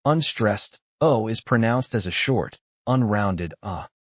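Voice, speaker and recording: A man narrating a scripted language lesson, explaining rules in a measured way. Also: on the low side, expressive, no echo, highs cut off. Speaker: language teacher.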